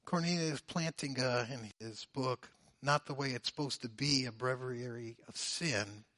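Slow-spoken male preacher. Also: dry recording, clean studio sound. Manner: dynamic preaching, swinging from loud emphasis to hushed low phrases. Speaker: pastor. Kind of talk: sermon.

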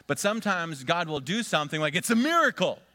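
A male pastor preaching a sermon, swinging between loud emphatic stresses and quiet asides, leading the congregation in call-and-response repetition. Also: on the high side, very animated, brisk.

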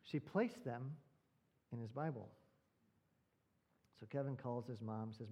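A man's voice: mid-range voice, slow, mellow, breathy edge. A male pastor preaching a sermon, telling a story and posing rhetorical questions.

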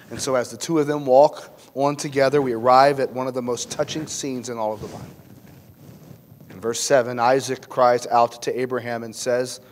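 A man preaching a sermon with impassioned emphasis, swinging from loud to hushed. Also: medium pitch, fairly even intonation, normal speed. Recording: long hall reverb, faint noise.

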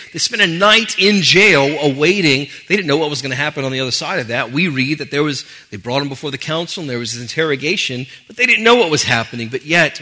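A man preaching a sermon as pastor, conversational with animated asides. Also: fairly high pitch.

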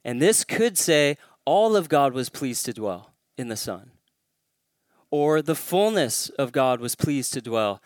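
A man's voice: medium pitch, very animated, takes it slowly, clean tone, no echo, clean studio sound. A man preaching a sermon as a pastor, pressing hard on his main points and lifting his voice to stress them. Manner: emphatic, rising to stress key claims.

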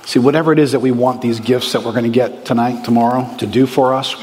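Man, pastor, lively conversational sermon, mid-pitched voice, long reverb, faint room noise. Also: fast, hardly any pauses. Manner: lively, conversational, with bursts of excitement. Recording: reverberant hall with faint ambience.

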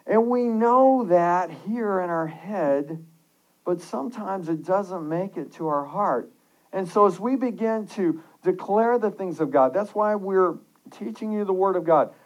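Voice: mid-range voice, animated, measured pace, rough recording. A pastor giving an earnest, conversational sermon, reading scripture and devotional passages aloud and often restarting phrases.

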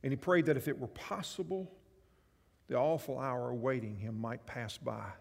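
A male pastor preaching a sermon, animated, swinging between loud passages and soft ones. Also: medium pitch, moderate pace, vocal fry, long reverb tail.

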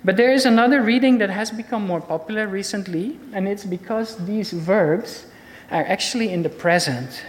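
A woman preaches in a church, working through a Bible passage with slides. She speaks with emphasis and repeats key words to drive them home. Her voice has a middle pitch for a woman and carries a long reverb from a large hall. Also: normal speed. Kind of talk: Bible teaching sermon with slides.

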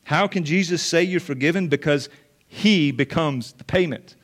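A man's voice: a little high, normal speed, a bit bright. A male pastor preaching a sermon to a room of listeners, earnest and emphatic, repeating phrases for weight. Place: church or meeting room with listeners.

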